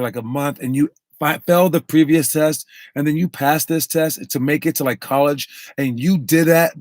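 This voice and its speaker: A basketball coach talks casually on a live stream. He lectures through a story and acts out what people said. His voice sits a little high and sounds dry and close. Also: no echo.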